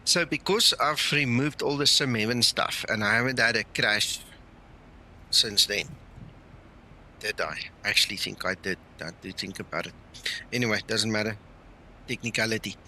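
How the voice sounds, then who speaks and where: A tired man rambles through a late-night flight sim stream, easygoing and full of little fillers. His voice sits a bit low but rings very bright. A faint background hum runs under him. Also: moderate pace, pauses often. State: tired, yawning. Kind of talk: casual live-stream chat.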